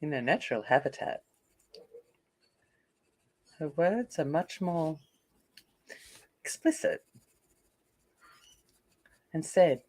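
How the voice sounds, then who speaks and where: A woman's voice: low-pitched, sing-song, slow, pauses often, a little mellow. An Australian woman hosting a coloring live stream, chatting casually and rambling while answering viewer comments. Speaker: coloring channel host.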